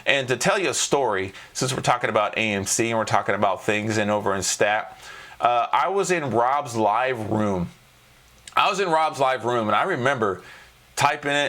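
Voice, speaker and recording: A man hosts a live trading show and talks viewers through stock charts. His delivery is animated and emphatic, and he keeps checking in with a quick "all right?". His voice has a bright, forward tone. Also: mid-range voice. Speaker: trading coach and show host.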